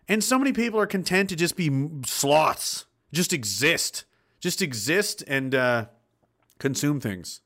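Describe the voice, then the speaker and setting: A man hosting a casual livestream, reading viewer messages aloud and ranting, loud at times and mumbling at others. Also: sits high, expressive, normal speed.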